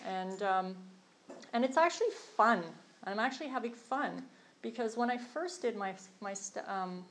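A woman's voice: mid-range voice, slight background noise, low-quality recording. Earnest woman sharing her recovery story. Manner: earnest, self-deprecating, with frequent fillers and restarts. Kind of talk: candid personal testimony.

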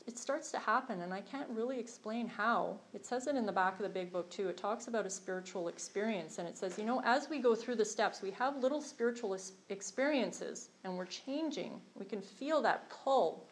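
With a slightly high voice at a moderate pace, a middle-aged woman openly tells her recovery story as a program member. She is earnest and pokes fun at herself, often restarting and using fillers, and the recording is rough.

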